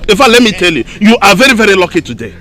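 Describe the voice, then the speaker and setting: A man's voice: high voice, sing-song, very fast, sharp tone, full character voice. A man with a Nigerian accent playing a chief's representative who argues hotly in a village council. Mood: angry. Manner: argumentative, indignant. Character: defiant chief's representative, quick to anger.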